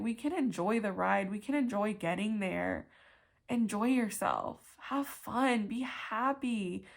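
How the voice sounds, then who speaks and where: A woman's voice: mid-range voice, vocal fry. A young woman giving a casual pick-a-card tarot reading, chatty and emphatic, full of "like" and casual swearing.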